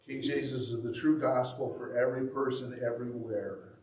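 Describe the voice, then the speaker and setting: A man delivers a sermon as a pastor, earnest and direct, with an occasional dry sarcastic aside. His mid-pitched voice sits a bit back from the microphone. The room around him is echoey. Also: little pitch movement, moderate pace, a little mellow, distant mic.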